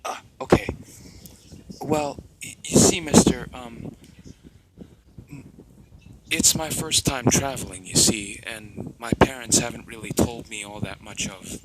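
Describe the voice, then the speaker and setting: A man's voice: mid-range voice, unhurried, long pauses, heavy background noise, close to an everyday voice. A man voicing a nervous young male hero who stammers and stumbles over his words. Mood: stammering.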